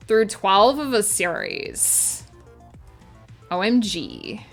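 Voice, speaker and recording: A woman's voice: mid-range voice, wildly swooping pitch, drawn-out words, vocal fry, soft background music. A woman streaming her writing work, chatting casually with viewers and answering their messages. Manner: chatty, reads chat aloud and answers viewers. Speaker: writer streaming her planning. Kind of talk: casual livestream chat with viewers.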